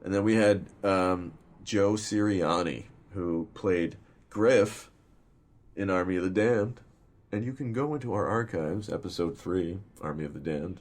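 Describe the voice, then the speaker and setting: A film director talking in a casual interview, rambling and swearing freely, with lots of fillers. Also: male voice, deep voice. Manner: rambling and profane, full of fillers.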